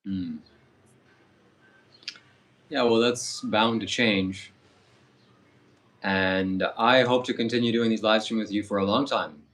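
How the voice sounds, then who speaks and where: A man who hosts spiritual retreats, speaking calmly and earnestly with hesitant fillers. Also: lowish voice, slow pace, long pauses. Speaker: spiritual streamer and retreat host. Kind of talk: casual chat.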